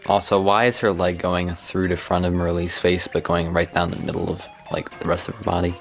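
A goofy man chats his way through a video game, cracking jokes and reading the on-screen text aloud. His voice sits low, and faint game music runs underneath. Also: little pitch movement, a little fast, creaky. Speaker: let's play host. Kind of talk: casual gameplay commentary.

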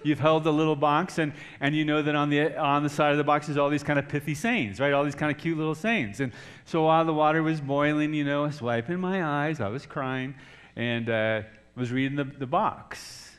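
The voice is a middle-aged man's, a little high, with a clear, resonant tone and a fairly quick pace. He's a pastor telling a personal story in a sermon, going from quiet and soft to shouting loudly.

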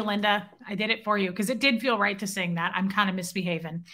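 A woman's voice: mid-range voice, steady tone, quick pace, few pauses, pushed and bright. A young woman hosting a casual livestream, chatting playfully and reading viewer comments aloud, now and then breaking into a snatch of song. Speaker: livestream host.

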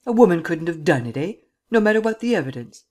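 A male audiobook reader voicing a sarcastic, irritable district attorney with a gruff, scornful delivery. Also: a little high, animated, fairly quick, natural voice. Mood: scornful, exasperated. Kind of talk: audiobook character reading.

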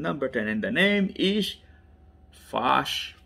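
A man with a non-native English accent unboxing toy cars, enthusiastic and repetitive, often dropping into soft whispers. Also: medium pitch, big pitch swings, takes it slowly, vocal fry. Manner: drops to soft whispers while handling toys; enthusiastic, repeats words, addresses "ladies and gentlemen". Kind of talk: unboxing commentary.

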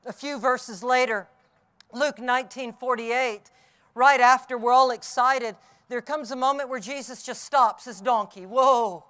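A middle-aged man preaching an Easter sermon outdoors, telling the story vividly and dropping from loud cries to hushed tones. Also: extremely high pitch, clear, resonant tone. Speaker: pastor. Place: outdoors on a hilltop.

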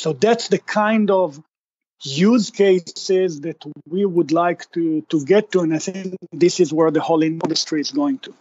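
A man with a high voice speaks as a podcast guest. He explains his work patiently and keeps restarting his phrases with fillers. The recording is dry and a little dull and lo-fi. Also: unhurried, darkish tone, no echo. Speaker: startup founder guest. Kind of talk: podcast interview.

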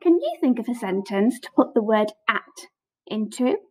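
A woman teaching a phonics lesson to young children on camera, sounding out letters slowly with lots of praise. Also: fairly high pitch, very animated, darkish tone, husky, poor audio. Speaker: primary school teacher.

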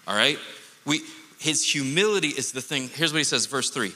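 A man pastor giving a conversational, animated sermon with playful asides. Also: medium pitch, normal speed, long reverb tail.

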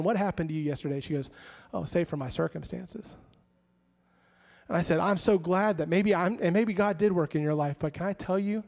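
A male pastor with a high voice delivers a sermon in a church sanctuary. His words ring out with a long hall reverb, and he slips into the voices of the people he quotes, building in intensity as he goes. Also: a little mellow. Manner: preaching with rising intensity, acting out quoted voices.

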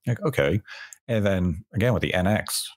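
A man's voice: low-pitched, animated, moderate pace. A man hosting a casual podcast discussion, explaining his points at length in an analytical way. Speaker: podcast host.

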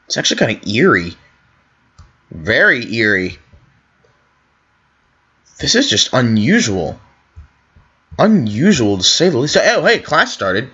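A young man commenting on his own game in a role-play way, talking to himself and calling out into empty places. His pitch jumps all over as he wonders aloud. The recording is a little dull and lo-fi. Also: big pitch swings, slow, long pauses, sharp tone, breathy edge. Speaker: gaming video host.

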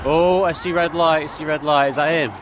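A man's voice: on the high side, steady tone, fairly quick, noisy background. A young man giving jumpy, exclaiming commentary while playing a horror game and talking to its characters. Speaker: gaming YouTuber.

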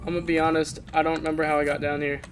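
A man's voice: fairly high pitch, little pitch movement, rapid-fire, over music. A young man hosting a gaming video, chatting casually and joking with friends while playing. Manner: playful, jokey, mock-announcer outbursts. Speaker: channel host and player.

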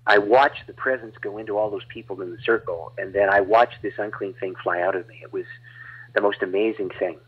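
A man's voice: lowish voice, fairly even intonation, a little fast, slightly rough. A man, a guest evangelist, animatedly retelling a dramatic personal testimony. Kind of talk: storytelling testimony. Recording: dull lo-fi audio.

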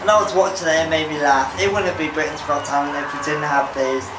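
A man's voice: a little high, fairly even intonation, fairly quick. A man giving an enthusiastic, casual video review of talent show acts, often repeating his praise. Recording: roomy sound with music behind.

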